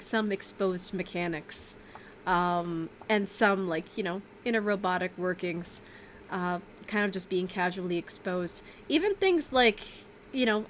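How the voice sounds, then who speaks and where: A woman's voice: fairly low pitch, slight background noise. A woman streaming in a casual, rambling way, full of fillers and self-corrections, laughing often. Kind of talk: casual livestream chat.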